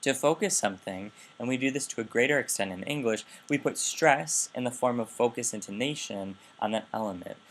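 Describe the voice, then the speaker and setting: A man's voice: mid-range voice, a little fast, few pauses. Man giving a lecture. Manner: explanatory, with frequent restarts and self-corrections. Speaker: Spanish linguistics lecturer. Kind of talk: recorded lecture.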